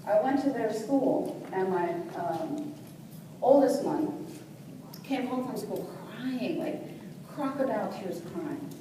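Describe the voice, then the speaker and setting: A middle-aged woman speaker telling a personal story to a live audience, animated and sassy, with preacher-like call and response. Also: medium pitch, takes it slowly. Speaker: motivational speaker. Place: large hall with audience. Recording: echoey hall from far off, noisy.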